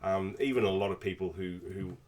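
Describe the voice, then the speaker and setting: A man's voice: deep voice, fairly quick, darkish tone. A man with an Australian accent co-hosting an interview, jokey and matey in his talk. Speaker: podcast co-host. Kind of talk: casual interview chat.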